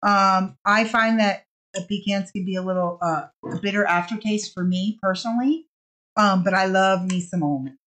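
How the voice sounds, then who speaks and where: A woman's voice: medium pitch, moderate pace, fairly bright tone. A woman hosting a live online shopping sale, talking casually and upbeat with lots of fillers and restarts.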